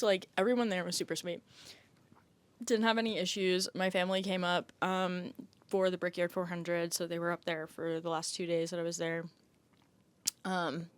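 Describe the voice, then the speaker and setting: A woman's voice: medium pitch, dry recording. Rambling young woman podcaster, dry sound. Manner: rambling, peppered with "like", swears freely. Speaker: podcast host. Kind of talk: casual storytelling rant.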